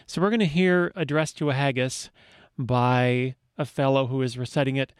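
A man's voice: medium pitch, steady tone, moderate pace, smooth, no echo, studio quality. A man hosting a radio show, with a playful, wry delivery. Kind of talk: scripted radio talk.

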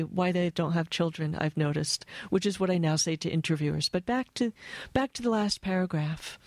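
An American woman reading aloud from her own essay and talking about it, thoughtful and wry, with a flat voice and frequent asides. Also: sits low, no room sound. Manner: thoughtful, wry, given to digressions. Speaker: author.

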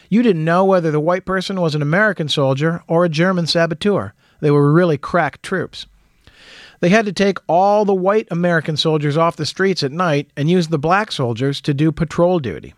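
A man reading a first-person wartime memoir aloud in a measured, matter-of-fact storytelling manner. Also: a little high, no room sound, studio quality.

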